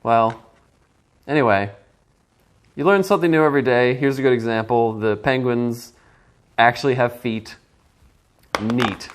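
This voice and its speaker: A man's voice: mid-range voice, measured pace, long pauses. A man reviewing a board game in a casual first-person video, musing aloud with playful asides.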